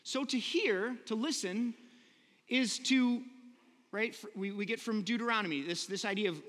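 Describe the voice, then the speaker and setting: A man's voice: high-pitched, normal speed, a bit bright, long reverb tail. A man preaching a sermon in a conversational, earnest way, often asking the listeners rhetorical questions. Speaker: pastor.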